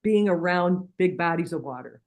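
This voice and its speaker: A woman's voice: fairly low pitch, moderate pace. A middle-aged woman, a guest practitioner from a healing center, explaining techniques and telling stories in an earnest, conversational interview, often restarting her sentences. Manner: earnest, with frequent restarts and lively retold dialogue.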